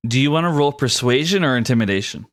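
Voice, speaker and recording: A man narrating a tabletop role-playing game as game master, lively and descriptive. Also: medium pitch, quick pace.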